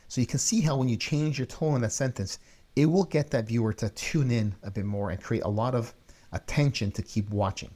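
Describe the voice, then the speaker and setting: A man's voice: mid-range voice, fairly quick, warm tone. A man hosting a video coaching show, talking energetically and stressing key words as he teaches. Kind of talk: energetic instructional talk.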